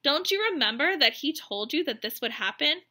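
A solemn storybook angel announces its news in slow, raised, ringing words, as a woman reads it aloud. The voice is high and bright. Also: expressive. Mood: proclaiming.

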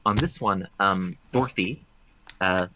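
A low-voiced man presents puzzles in a rambling, playfully deadpan way, his tone bright and forceful. He comes through a muffled, lo-fi remote call. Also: a little slow. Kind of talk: joking puzzle game on a talk show.

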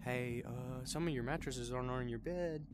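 Over a noisy background, a young man jumpily narrates a horror game at normal speed, chattering anxiously to the characters and bursting out with repeated "hey"s when something scares him. His pitch is medium.

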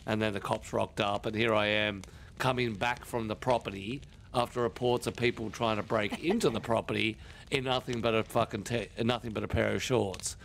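A man's voice: on the low side, fairly even intonation, a little fast, creaky, fairly bright tone, slight background noise. A man with an Australian accent telling a story over game voice chat, swearing constantly. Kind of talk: casual voice chat while gaming.

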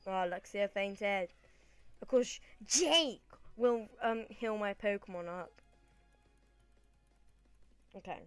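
A woman's voice: medium pitch, slow pace, long pauses, clean tone, no echo, faint music behind. Chatty British woman narrating gameplay. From Britain. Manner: chatty, rambling, self-correcting. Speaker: gaming channel host. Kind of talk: casual gameplay commentary.

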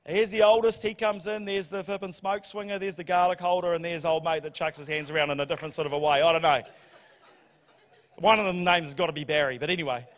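A man preaching a sermon, telling the story in a humorous, animated way. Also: fairly high pitch, fast talker. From New Zealand. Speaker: pastor. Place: church hall. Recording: church hall reverb.

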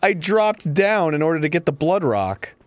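A man co-hosting a casual gaming show, dropping into a low, dry tone for his jokes. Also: sing-song, moderate pace, no echo. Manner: dry, drops into low mock-philosophical tone. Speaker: co-host. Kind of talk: casual banter while gaming.

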